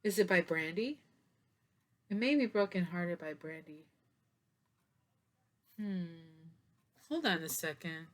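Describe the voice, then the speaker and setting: A woman's voice: lowish voice, animated, slow pace, pauses often. Tired, chatty woman reading tarot. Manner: chatty and meandering, many fillers, breaks into soft singing. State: tired, yawning. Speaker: tarot reader. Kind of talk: casual tarot reading to camera.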